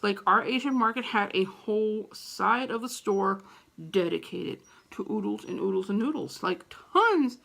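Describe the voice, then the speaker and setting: A middle-aged woman vlogger telling a story to camera in a casual, animated, profane way, with a gravelly voice. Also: mid-range voice, normal speed.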